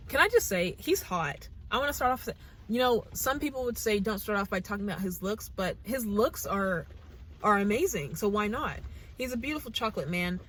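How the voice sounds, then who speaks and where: Young American woman, reaction-channel host, casual and enthusiastic, thinks out loud; slight background hiss. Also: medium pitch, expressive, brisk. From United States. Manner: earnest, gushing, thinks aloud with restarts. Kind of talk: casual talk to camera.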